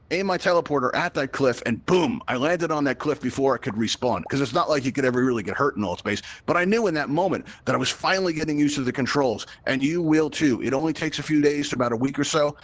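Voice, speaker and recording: A man leads a live tutorial for a crowd inside virtual reality, speaking fast in a mid-range voice. He is chatty and encouraging, checking in with his audience all the time. The sound is close and direct, like a headset mic. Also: mid-range voice, a bit bright. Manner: upbeat, chatty, addresses the crowd with frequent "right?" checks. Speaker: VR event host and instructor.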